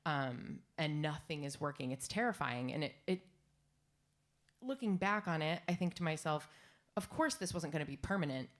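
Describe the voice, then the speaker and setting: A woman in her thirties, a singer-songwriter talking on stage between songs, tearful and rambling with halting fillers. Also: deep voice, expressive. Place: stage at a live songwriters' round.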